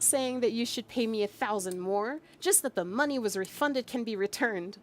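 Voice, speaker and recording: A woman's voice: on the high side, moderate pace, few pauses, a little hiss or hum. A woman streaming as a VTuber, casually venting as she reads out a chat log, exasperated and emphatic with lots of fillers. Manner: exasperated and emphatic, with frequent fillers and bursts of laughter.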